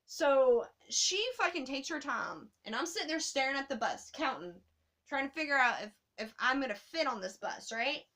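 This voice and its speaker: A woman telling a travel story to her camera in a casual, animated way, swearing often. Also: high-pitched, moderate pace.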